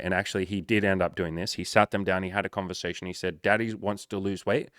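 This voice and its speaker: Energetic swearing male coach, dry sound. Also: on the low side, fast, hardly any pauses, dry recording. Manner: animated, swears often, acts out dialogue with rising energy. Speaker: life coach. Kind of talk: casual coaching monologue.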